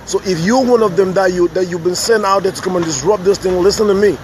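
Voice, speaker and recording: A man's voice: sits high, fast talker, darkish tone, slight background noise. A man reporting to camera from a city street at a rally, speaking defiantly and repeating himself to rouse viewers. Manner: defiant, repetitive and rousing.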